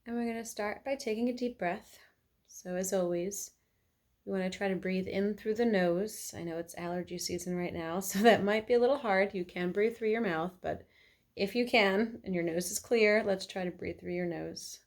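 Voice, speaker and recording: A woman leading a guided meditation at home, talking in calm, gentle, unhurried instructions. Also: medium pitch. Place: indoors at home by an electric fireplace.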